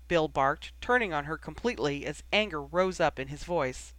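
A reader narrating a fan fiction audiobook in a measured, expressive way. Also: mid-range voice, no room sound.

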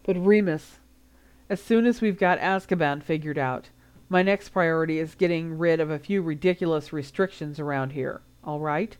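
Woman reader doing a tired dad, even and firm, lowish voice, storybook read. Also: moderate pace, clean tone, close to an everyday voice. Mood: weary. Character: weary, steady middle-aged father.

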